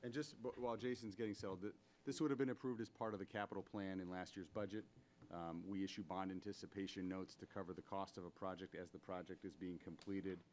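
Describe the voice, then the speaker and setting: A man's voice: deep voice, fairly even intonation, fast, darkish tone, slight background noise. A man speaking at a town board meeting, explaining budget matters with many fillers. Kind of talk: public meeting remarks. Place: town hall meeting room.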